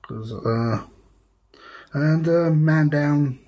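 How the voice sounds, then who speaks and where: A man from the UK co-hosting a casual pop-culture podcast on a couch, talking in halting bursts full of ums and easy laughs. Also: a little high, darkish tone. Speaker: podcast co-host. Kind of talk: casual chat. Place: living room couch.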